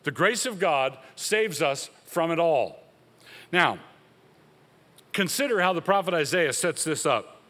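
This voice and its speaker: A man's voice: on the high side, expressive, measured pace, long pauses, fairly bright tone, long reverb tail. A man preaching a sermon as a pastor, speaking emphatically and rising sharply when he quotes.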